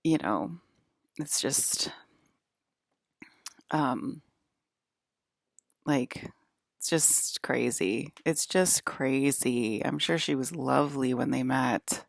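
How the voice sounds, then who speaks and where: Woman vlogger, low-pitched with vocal fry, rambling exasperated rant, dry close sound. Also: extremely slow, long pauses, dry recording. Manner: filler-heavy, frequent "like", restarts; exasperated, ranting commentary. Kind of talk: casual rambling monologue.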